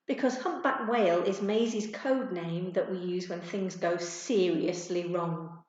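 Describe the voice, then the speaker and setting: A woman reads a children's chapter book aloud in a gentle, expressive storytelling voice. Her voice bounces around a very echoey room. The sound is dull and muffled. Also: medium pitch, a little slow.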